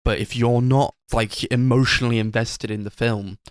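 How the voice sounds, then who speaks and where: A man's voice: mid-range voice, steady tone, moderate pace, clean tone, no room sound, studio quality. A man co-hosting a casual film review podcast, rambling with lots of fillers and giggling as he retells scenes. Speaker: podcast co-host.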